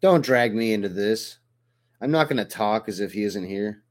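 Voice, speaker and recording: A man's voice: on the low side, lively intonation, moderate pace, close to an everyday voice. A man reading the lines of a proud, guarded female soldier in an audiobook, speaking curtly and defiantly.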